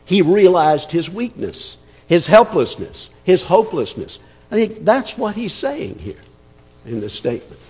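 A man's voice: high-pitched, sing-song, measured pace, a little mellow, husky, long reverb tail. A man preaching an expository sermon, emphatic and conversational, repeating words as he thinks. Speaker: pastor.

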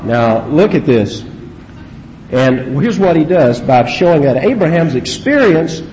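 A male pastor teaching scripture in a lively, swinging voice, his pitch pitched a little high and jumping up sharply for emphasis. He fires rhetorical questions at the congregation. The recording sounds dull and lo-fi. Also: a little slow, a little hiss or hum. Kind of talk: expository sermon.

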